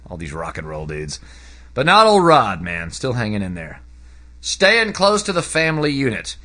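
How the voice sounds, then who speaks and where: A man talking casually about a book he read, rambling with lots of fillers, his voice jumping up when he gets excited. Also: on the low side. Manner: animated, voice jumps up when excited. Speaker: book reviewer. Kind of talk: casual spoken book review.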